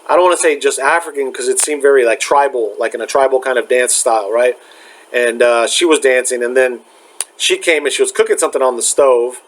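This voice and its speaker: A young man talks casually, circling back and restarting often. His voice sits at an ordinary middle pitch, and his story comes out halting and searching, thick with fillers. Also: low-quality recording. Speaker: spiritual vlogger.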